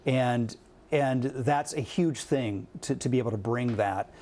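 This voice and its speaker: A man's voice: mid-range voice, unhurried, warm tone. A man in his forties from Ohio, a guest actor on a TV interview, answering with wry, self-deprecating humor.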